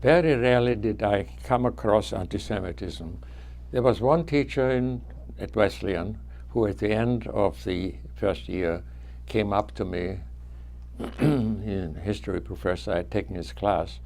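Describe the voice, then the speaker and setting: A very old man with a foreign accent, not a native speaker of English, tells his life story to students in a slow, halting way. His voice sits low and has a gravelly fry, and he often stops and restarts his sentences as he goes. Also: darkish tone. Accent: foreign accent, origin not named. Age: 90s. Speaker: guest speaker. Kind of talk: telling life memories to students.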